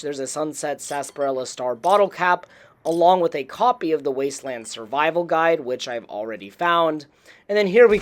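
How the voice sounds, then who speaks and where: A YouTube host narrating a gameplay tour voice-over in an informative, chatty way. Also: mid-range voice.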